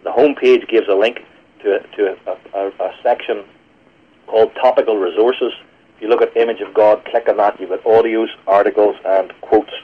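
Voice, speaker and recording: A man's voice: lowish voice, steady tone, breathy edge. A man with a British accent, a pastor and guest, explaining theology earnestly and quoting scripture over a phone line. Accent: British English. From Britain. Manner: earnest, measured, quotes scripture with stumbles.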